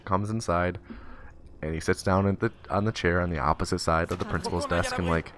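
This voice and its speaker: A young man casually telling a long story as a streamer, rambling with fillers and restarts and popping into squeaky voices for the characters. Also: fairly even intonation, fairly quick, fairly bright tone, a little hiss or hum. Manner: acts out the kid and teacher in high squeaky voices. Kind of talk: casual storytelling while gaming.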